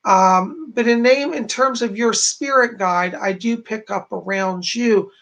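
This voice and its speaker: A man doing psychic medium readings on a livestream speaks a little slowly, his voice high-pitched, creaky, and somewhat bright, on a low-quality recording from home to camera. He stays chatty, earnest, and reassuring, passing along messages with repeated "she said."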